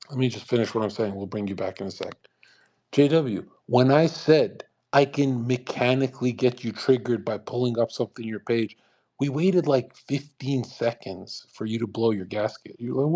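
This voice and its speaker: A brash man hosting a live audio chat, talking fast and profanely and mocking others with put-on voices. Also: medium pitch, darkish tone. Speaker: host of a live audio space.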